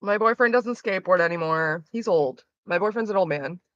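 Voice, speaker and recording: A woman's voice: on the low side, lively intonation, brisk, dry recording. Young woman, casual stream chat, rambling with fillers, dry close sound, slightly muffled lo-fi audio. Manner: rambling, many fillers and restarts, swears casually.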